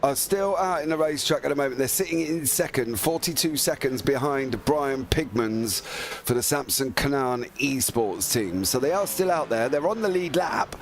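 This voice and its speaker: Gravelly man chatting race commentary. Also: mid-range voice, lively intonation, moderate pace, a little hiss or hum. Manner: rambling, chatty, many fillers. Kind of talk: casual live commentary.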